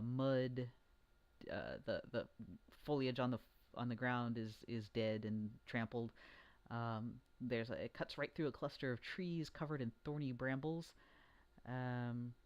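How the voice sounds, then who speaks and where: A game master running an online tabletop game, describing scenes in a rambling, hesitant way with many pauses and fillers. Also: mid-range voice, a little mellow.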